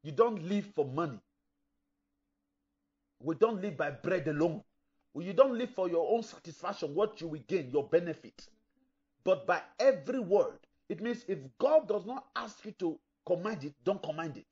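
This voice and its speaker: A middle-aged pastor preaches an emphatic, animated sermon at a moderate pace, giving voice to the objections of imagined listeners. His voice is slightly high for a man, with a darkish tone and a breathy edge, and the recording sounds dull and lo-fi.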